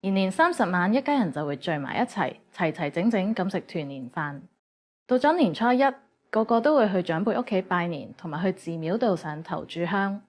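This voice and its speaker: A woman narrating a scripted lesson in an even, measured way. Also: lowish voice.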